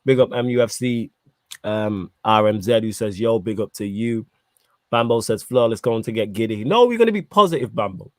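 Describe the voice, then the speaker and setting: A man hosting a casual football podcast, talking in animated slang while eating. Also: fairly low pitch, moderate pace, no echo. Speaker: podcast host.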